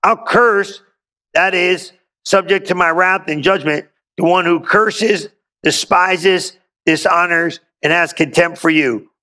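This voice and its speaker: A man's voice: high-pitched, fairly even intonation, slow, pushed and bright. A male pastor preaching a sermon, reading scripture aloud and breaking in with exuberant call-and-response asides.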